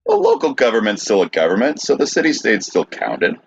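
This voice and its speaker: A man co-hosting a podcast, presenting history from notes in a halting way with fillers. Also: fairly low pitch, wildly swooping pitch, gravelly, breathy edge, lo-fi sound. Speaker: podcast co-host.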